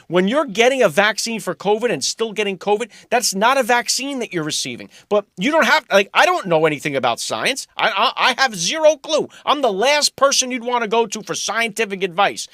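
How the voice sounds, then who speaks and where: A man's voice: high voice, fairly bright tone, dry recording, clean studio sound. A man hosting a talk show, delivering an opinionated monologue in a blunt, emphatic and sarcastic way. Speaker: host.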